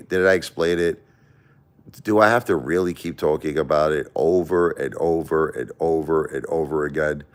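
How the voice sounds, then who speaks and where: A middle-aged man with a thick Brooklyn accent hosts a casual livestream. His voice sits very low. He rambles and repeats himself as he lectures his chat directly. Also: clean tone. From Brooklyn, New York. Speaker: livestream host.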